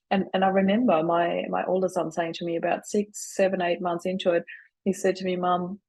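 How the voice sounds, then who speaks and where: A woman's voice: on the low side, a little mellow, rough recording. A middle-aged woman speaking earnestly as a guest on an interview about grief, drawing on her own experience. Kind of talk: reflective interview answers.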